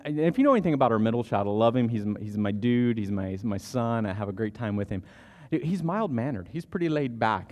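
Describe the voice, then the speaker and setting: A man in his thirties, a pastor, delivers a sermon in a church sanctuary with a medium-pitched voice and a dark tone. His storytelling is casual and conversational, full of repeated restarts. Long church hall reverb surrounds the recording.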